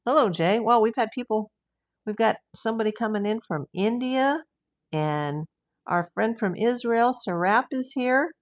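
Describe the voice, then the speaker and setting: A woman's voice: fairly high pitch, animated, a little slow. A woman hosting a casual livestream, chatting with viewers and rambling easily between comments and news. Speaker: true crime livestream host. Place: home.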